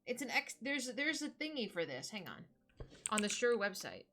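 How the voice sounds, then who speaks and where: A woman in her thirties, a streamer chatting casually on a live stream and opening gifts in a bubbly, excitable way. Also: on the high side, normal speed, faint music behind. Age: 30s.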